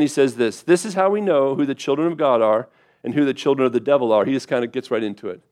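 A man preaching a sermon as pastor, speaking casually, asking his listeners questions and slowing down when reading scripture aloud. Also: mid-range voice, a little mellow. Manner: conversational preaching, asks the congregation questions; slows down to read scripture aloud.

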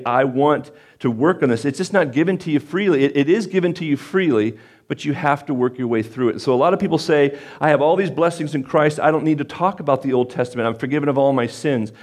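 A man's voice: fairly high pitch, fairly quick, darkish tone. Guy preaching a sermon, chatty pastor who gets fired up, pokes fun at himself. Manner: conversational, self-deprecating, gets fired up.

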